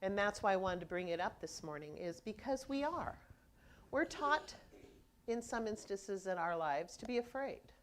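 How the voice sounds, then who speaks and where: A woman's voice: mid-range voice, expressive, moderate pace. A woman minister preaching a conversational sermon, telling stories and acting out people's reactions as she goes.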